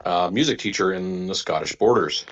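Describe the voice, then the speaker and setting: A man's voice: sits low, normal speed, highs cut off. A man on a casual group call reading a viewer's letter aloud, stumbling on words and adding wry asides. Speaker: podcast panelist.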